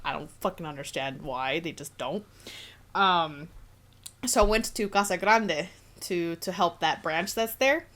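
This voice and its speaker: A woman's voice: fairly low pitch, unhurried. A young woman telling a work story in casual podcast chat, swearing often and laughing as she goes. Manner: profane, laughing, animated retelling. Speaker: podcast co-host.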